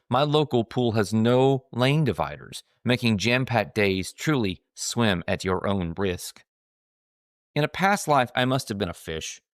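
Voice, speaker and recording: A man's voice: on the low side, dry recording, clean studio sound. A man reading his own humorous memoir aloud, in a wry, dryly self-mocking storytelling style. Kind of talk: scripted storytelling narration.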